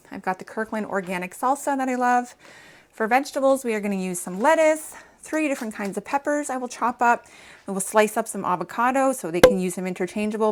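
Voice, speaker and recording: A woman's voice: fairly high pitch, a little hiss or hum. A woman in her thirties from Canada, chatting to viewers while cooking in her kitchen, a little out of breath. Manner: chatty, talks straight to viewers. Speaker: home cooking vlogger. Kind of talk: casual cooking vlog chat. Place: home kitchen.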